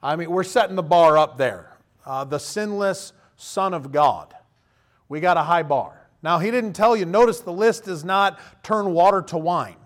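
A man's voice: high voice, normal speed. A man in his thirties preaching a sermon in a conversational way, often acting out the voices of the people he quotes. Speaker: pastor.

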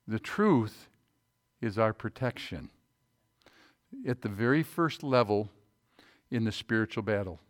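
Preaching in a relaxed, folksy manner, the pastor poses rhetorical questions to his listeners and alternates forceful emphasis with hushed low asides. He's animated, keeps a measured pace, and pauses often.

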